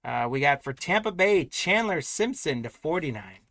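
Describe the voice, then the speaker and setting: A man's voice: fairly high pitch, very animated, moderate pace, fairly bright tone, no echo. A man hosting a live trading card break, announcing pulls and congratulating buyers in an upbeat, chatty way.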